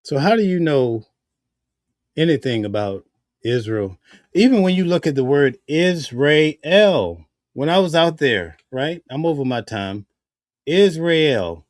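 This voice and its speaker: A man's voice: on the high side, lively intonation, slow, no echo, clean studio sound. A man giving casual spoken commentary in a heated, preachy way, full of rhetorical questions. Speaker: vlogger.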